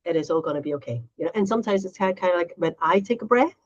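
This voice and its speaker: A middle-aged woman co-hosting a casual chat, animated, often acting out quotes in a higher voice. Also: rapid-fire, highs cut off. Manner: animated, acts out quotes in a high voice. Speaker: podcast co-host.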